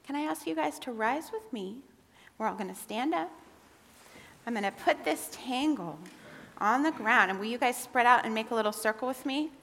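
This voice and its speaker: A woman with a bright, clear, fairly high voice gently talks children through a lesson at a worship service. Her tone is patient and encouraging. The sound carries a long hall echo, with soft music underneath. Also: animated, moderate pace. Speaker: religious educator leading a children's time. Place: large hall in a congregation.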